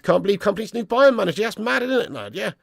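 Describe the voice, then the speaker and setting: A man's voice: sits high, sing-song, quick pace, gravelly, no room sound, clean studio sound. A young man hosting a casual live stream about football, reading chat comments aloud and answering them bluntly, with plenty of swearing.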